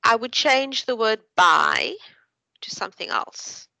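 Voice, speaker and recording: A woman's voice: a little high, expressive, gravelly, bright, forceful tone, no echo, low-quality recording. A woman tutor giving patient, encouraging feedback to students in an online class. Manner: encouraging, patient, explains slowly. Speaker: university tutor.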